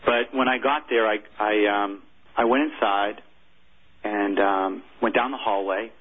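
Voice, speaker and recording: A former military chaplain, a man, telling a personal story in an interview, earnest and halting. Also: on the low side, fairly even intonation. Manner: earnest, halting, emotional recounting. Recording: tinny phone-like audio.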